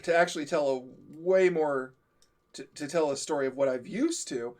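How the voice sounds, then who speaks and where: A man's voice: fairly high pitch, normal speed. A young Canadian man chatting on a livestream, jokey and chiming in, explaining things in detail. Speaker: co-host. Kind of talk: casual stream chat and explaining.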